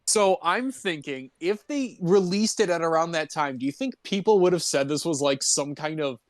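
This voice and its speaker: Rambling man with a slightly high voice. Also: expressive, normal speed, no echo, studio quality. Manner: rambling, laughs easily. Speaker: podcast co-host. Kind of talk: casual chat.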